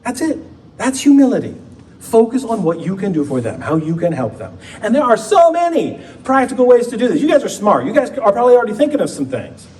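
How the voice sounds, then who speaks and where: A man, a pastor, preaching a conversational sermon with playful asides and slow emphatic pauses in a church. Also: sits high, wildly swooping pitch, darkish tone. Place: church sanctuary. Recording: distant mic with faint background noise.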